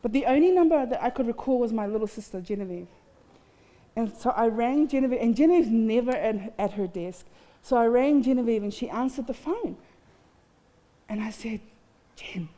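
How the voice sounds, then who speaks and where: On a festival stage in a large hall, a woman guest speaker shares a candid, heartfelt personal story laced with self-mocking humor. Her voice is on the high side, animated and warm, at a normal speed. A long hall reverb colors the recording.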